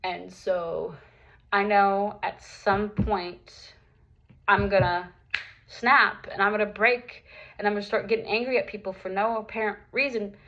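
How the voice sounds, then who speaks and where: A woman's voice: medium pitch, steady tone, a little slow, a bit bright, lo-fi sound. A young adult woman talking candidly and earnestly to her viewers in a personal vlog, with plenty of casual fillers. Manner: earnest, open, lots of "like" fillers. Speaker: vlogger.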